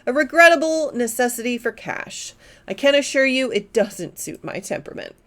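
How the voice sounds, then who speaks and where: Woman voicing a wry easygoing young man, teasing, lively tone. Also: high-pitched, normal speed, heavily acted. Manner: dry, teasing.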